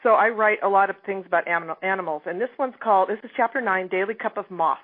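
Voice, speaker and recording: A woman's voice: mid-range voice, fast, hardly any pauses, dry recording. A middle-aged woman, a guest author and comedian, talking animatedly and reading from her own book in a phone interview. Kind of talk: phone interview, casual chat. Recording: tinny phone line, dry.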